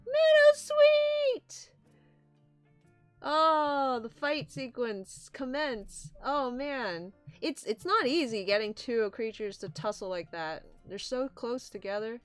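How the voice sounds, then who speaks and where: A young woman casually reading a comic aloud and commenting, animated and excitable. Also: on the high side, measured pace, hardly any pauses, soft background music. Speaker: comic reader.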